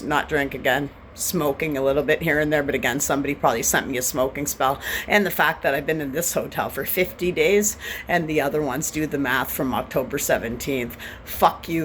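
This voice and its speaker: A woman's voice: sits low, fairly bright tone, a little hiss or hum. A woman in her forties in a scattered, profane, mocking rant, defiant and sneering. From Canada. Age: 40s. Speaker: vlogger. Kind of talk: ranting vlog monologue.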